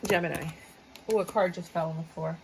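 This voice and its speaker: Chatty and direct, a woman reads tarot cards for her viewers, swearing freely and breaking off into asides. She talks a little fast in a lowish, fairly even voice against a noisy background.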